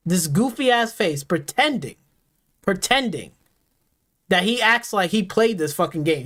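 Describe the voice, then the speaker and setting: High-pitched with a fairly bright tone, a male gaming streamer gives ranting reaction commentary. He's angry, swears heavily, and repeats himself throughout.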